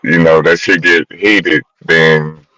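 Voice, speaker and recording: A man's voice: very deep voice, steady tone, slow pace, bright, forceful tone, rough recording. A man co-hosting a casual podcast chat, laid-back and crude with plenty of slang. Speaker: podcast co-host.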